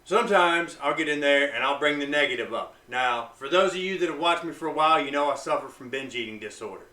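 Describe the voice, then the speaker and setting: Blunt, bright-voiced man in an echoey room. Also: expressive, fast talker, far from the mic. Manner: blunt and profane, swings from loud hype to low intensity. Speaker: vlogger on fasting. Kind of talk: casual motivational talk to camera.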